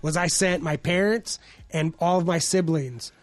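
A man's voice: on the high side, measured pace, dry recording. A man co-hosting a podcast, telling a personal story in a casual, profane, rambling way. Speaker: podcast co-host. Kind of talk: casual chat.

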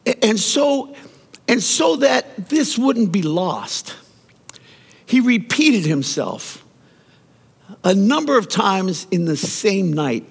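A high-voiced man preaches with a lively, swooping delivery. He tells stories and often stumbles over repeated words. His voice rings out with a long reverb, as if in a large church sanctuary. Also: slow, vocal fry, long pauses, breathy edge. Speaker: pastor. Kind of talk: sermon.

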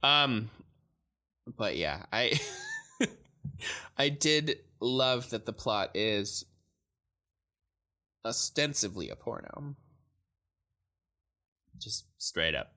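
A man's voice: lowish voice, sing-song, drawn-out words, pauses often, pushed and bright. A man co-hosting a podcast in casual chat, recapping an episode and joking with frequent laughter. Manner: laughs often, joking and playful. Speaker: podcast co-host.

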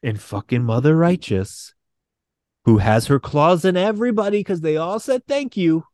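Profane, excitable man recapping comics. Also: fairly high pitch, normal speed, no room sound. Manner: excitable, profane storytelling with acted-out quotes. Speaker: podcast co-host. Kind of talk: casual comic book recap.

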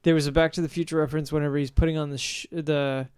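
Male podcast co-host, smooth and fairly high, loose casual delivery, dry close mic. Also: fast, no echo. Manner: relaxed, thinks aloud with many "like"s. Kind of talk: casual chat about a film.

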